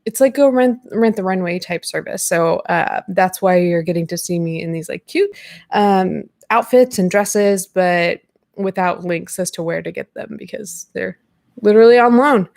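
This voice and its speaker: A woman's voice: fairly low pitch, normal speed, vocal fry, a little mellow, dry recording, clean studio sound. A woman in her thirties hosting a casual live-stream podcast from home, chatty and self-deprecating with lots of fillers. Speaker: podcast host. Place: home room at a computer.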